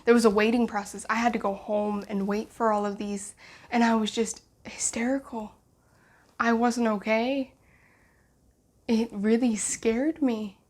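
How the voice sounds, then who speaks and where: A woman's voice: fairly high pitch, steady tone, unhurried, darkish tone. A young woman vlogger telling a personal story in a casual, emotional, rambling way, full of restarts and acted-out dialogue.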